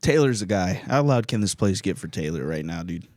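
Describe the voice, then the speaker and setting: A man's voice: deep voice, expressive, brisk, dry recording, clean studio sound. A man hosting a podcast, riffing crude comedy bits with lots of laughter. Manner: loud laughing, riffing bits in silly voices. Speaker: podcast host.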